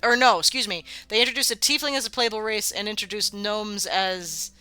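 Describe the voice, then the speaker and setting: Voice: medium pitch, fairly quick, sharp tone, clean tone, dry recording, soft background music. A streamer chatting casually while building a game world, rambling, laughing often and swearing freely. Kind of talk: casual live-stream chat.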